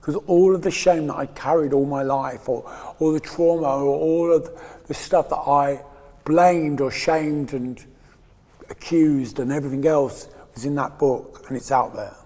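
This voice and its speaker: A man's voice: a little high, fairly even intonation, unhurried, warm tone, long reverb tail. A man in his fifties from England, guest in a candid interview, talking in a rambling, emotional way with frequent laughs and restarts. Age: 50s.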